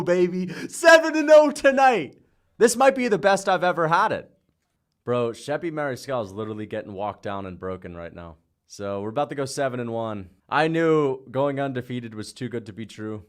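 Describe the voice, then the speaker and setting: A young man streaming live, calling fight picks with hyped, shouting bursts, swearing and playful trash talk. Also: medium pitch. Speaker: livestreamer making fight picks. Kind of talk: excited livestream reaction commentary.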